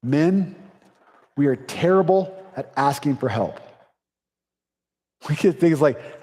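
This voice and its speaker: Male pastor, slightly higher voice, casual punchy sermon, long hall reverb. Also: expressive, darkish tone. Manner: conversational, punchy preaching with quick asides and sarcasm. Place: church sanctuary.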